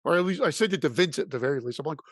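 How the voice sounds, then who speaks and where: A man's voice: on the high side, lively intonation, racing, no room sound, studio quality. A man co-hosting a horror movie podcast in casual chat, rambling with restarts and laughing easily. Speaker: podcast co-host.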